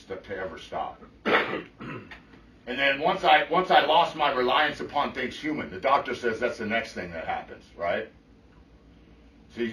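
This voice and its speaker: A middle-aged man speaks to a meeting room, blunt and full of swearing, tossing "right?" at his listeners. His voice is bright and forceful, while the room around him rings and he sounds set back from the mic. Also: mid-range voice. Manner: blunt and profane, often checks in with "right?". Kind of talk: personal testimony to a group. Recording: echoey room, mic from far off.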